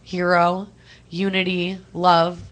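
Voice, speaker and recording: A young woman, chatting on a call-in show, animated and quick to laugh, emotional and close to tears at times. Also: on the low side. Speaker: co-host. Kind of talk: casual radio chat.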